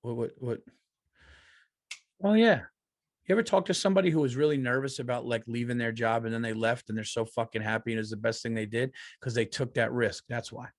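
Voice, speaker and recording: A man's voice: medium pitch, steady tone, brisk, dry recording, studio quality. A middle-aged man hosting a podcast, giving a blunt, profane, earnest pep talk in casual monologue. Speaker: podcast host.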